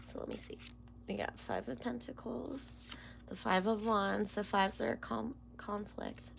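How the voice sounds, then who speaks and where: A woman's voice: medium pitch, sing-song, measured pace, vocal fry, a little hiss or hum. A woman doing a casual tarot reading to camera, emotional and close to tears, rambling and dropping into whispers. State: near tears. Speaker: tarot reader.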